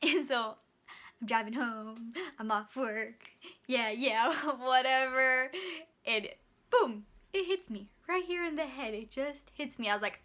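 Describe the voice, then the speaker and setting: A young woman in her twenties, a store bakery clerk, telling a storytime vlog in an animated way and acting out both sides of a scene. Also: a little high, normal speed.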